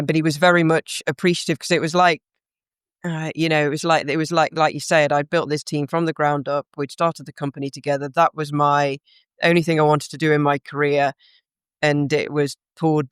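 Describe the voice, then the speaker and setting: A woman's voice: low voice, clean tone, no room sound, clean studio sound. A woman guest in a podcast interview, telling a heartfelt, reflective story about her career.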